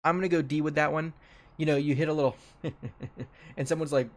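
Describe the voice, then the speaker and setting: A man's voice: fairly high pitch, steady tone, brisk. A young man giving casual commentary as a streamer ranking a tier list, offhand and loose, often repeating his own phrases.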